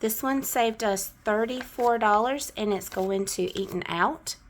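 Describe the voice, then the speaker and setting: A woman's voice: a little high, unhurried, a little hiss or hum. A middle-aged woman with a Southern US accent, chatting casually to camera as she counts out cash, with a cough now and then. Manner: chatty, counts bills aloud. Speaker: budgeting vlogger.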